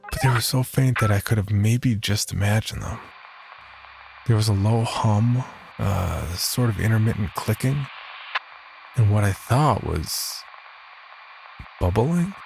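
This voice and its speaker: A man narrating a first-person horror story in a measured, steady voice. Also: fairly low pitch, vocal fry, over music.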